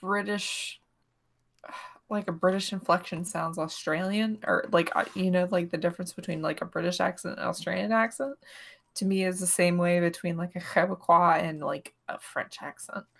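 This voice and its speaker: A woman's voice: on the low side, steady tone, normal speed, gravelly. A woman chatting as a guest on a live stream, hesitant and full of fillers. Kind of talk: casual chat on a live stream.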